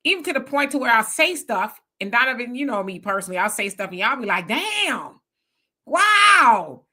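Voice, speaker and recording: Blunt, animated woman in her fifties. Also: a little high, fast talker. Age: 50s. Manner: blunt, animated, acts out quoted voices. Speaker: panel guest. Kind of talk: casual chat.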